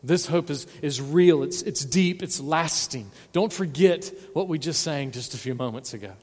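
A man's voice: fairly high pitch, normal speed, a little mellow, slightly rough, in a large hall. A man preaching a sermon as pastor, earnest and pleading, stressing points by repeating words. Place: church sanctuary.

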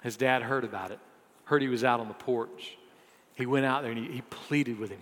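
A man preaching a sermon, telling a story with dramatic swings between loud and hushed delivery. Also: mid-range voice, steady tone, moderate pace, long reverb tail.

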